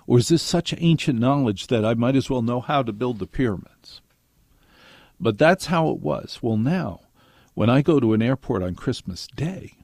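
An older man hosts a radio show, delivering a monologue of wry stories to his listeners and acting out quotes as he goes. His voice is medium-pitched, gravelly, and darkish, recorded at studio quality with no echo.

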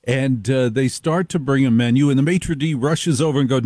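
A middle-aged male radio host spinning an animated, sarcastic monologue and jumping between voices. His pitch is ordinary for a man. The sound is close and dry, with little room in it. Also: moderate pace, no room sound.

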